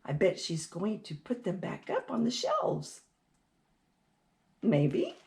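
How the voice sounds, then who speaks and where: Animated woman reading to kids. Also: mid-range voice, slow pace, gravelly. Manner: animated, rhyming read-aloud with questions to kids. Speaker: children's storytime host. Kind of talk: reading a picture book aloud to children.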